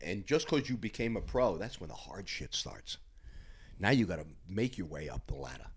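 A man in his fifties, a former bodybuilder and podcast guest, telling loud, profane, animated gym stories. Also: deep voice, normal speed, slightly rough. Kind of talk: casual storytelling chat.

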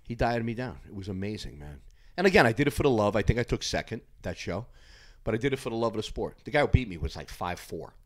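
A man in his fifties, a former bodybuilder and podcast guest, telling loud, profane, animated gym stories. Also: fairly low pitch, fast talker. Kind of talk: casual storytelling chat.

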